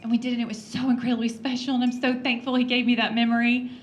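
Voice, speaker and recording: A congresswoman giving a heartfelt personal speech at a breakfast event, earnest and storytelling, with soft laughs and frequent ums. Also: a little high, flat delivery, racing, a little hiss or hum.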